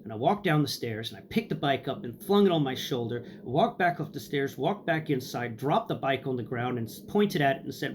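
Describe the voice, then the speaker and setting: A man's voice: mid-range voice, brisk, few pauses, a little hiss or hum. A young man casually telling a dramatic personal story, acting out what people said. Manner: animated, dramatic, acts out dialogue. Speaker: host, storyteller.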